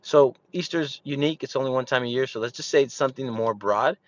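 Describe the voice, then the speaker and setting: A man's voice: medium pitch, fast talker, no room sound, dull audio. A man working as a real estate agent, talking casually and coaching others, with lots of fillers and repeated words. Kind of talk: instructional talk.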